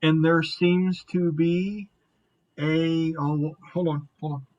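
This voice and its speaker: This man narrates a tabletop game as its game master. His voice is fairly high for a man. He talks in a casual, rambling way with some swearing. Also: steady tone, slow, darkish tone, dull audio, a little hiss or hum.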